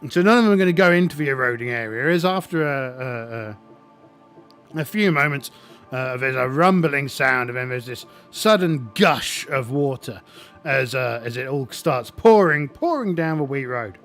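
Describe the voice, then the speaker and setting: A man's voice: medium pitch, expressive, normal speed, fairly bright tone, faint music behind. A man narrating a solo tabletop game in a rambling, stop-start way full of fillers and restarts. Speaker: game master.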